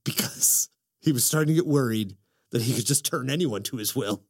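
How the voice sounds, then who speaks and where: A man hosting a casual podcast chat, excitable and profane, telling stories with lots of energy. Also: medium pitch, fairly quick, slightly rough. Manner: excitable, profane, animated storytelling. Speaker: podcast host.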